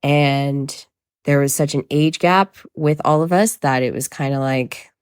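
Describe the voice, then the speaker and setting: A woman's voice: low voice, unhurried, clean tone, no room sound, clean studio sound. A woman hosting a podcast as a trauma coach, talking candidly and casually with lots of swearing and self-mocking humor. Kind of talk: casual confessional monologue.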